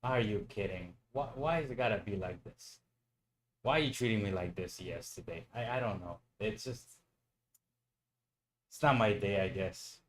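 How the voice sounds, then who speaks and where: A man's voice: fairly low pitch, normal speed. A man streaming live futures trading who talks to himself, swears and pleads with the market, exasperated at his own mistakes. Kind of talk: live trading commentary to viewers.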